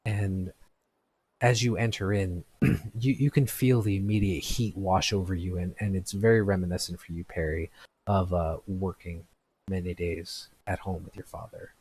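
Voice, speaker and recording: A man narrating a tabletop game as game master, describing scenes in a halting, descriptive way. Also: sits low, steady tone, darkish tone, husky.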